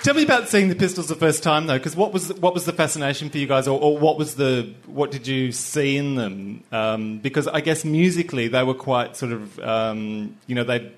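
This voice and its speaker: A man in his forties interviewing, asking his questions haltingly with restarts. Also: mid-range voice. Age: 40s.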